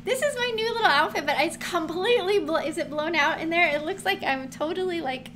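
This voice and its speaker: Brief: woman Bible teacher with a high voice, lively and chatty, noisy recording. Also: a little fast. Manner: chatty, animated, laughs often, acts out quotes. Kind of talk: casual Bible teaching to camera. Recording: noticeable background noise.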